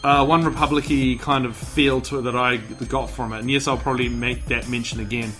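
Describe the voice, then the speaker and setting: A man's voice: medium pitch, steady tone, fairly quick, a bit bright, faint music behind. A man hosting a podcast in casual chat, rambling with lots of restarts, buzzing on caffeine. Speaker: podcast host.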